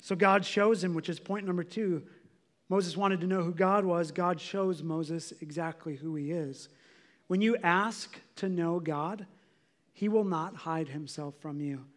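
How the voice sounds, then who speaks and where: A man preaching a sermon as a pastor, in a conversational way, often saying "like" as he explains. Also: sits high. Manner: conversational, filler "like".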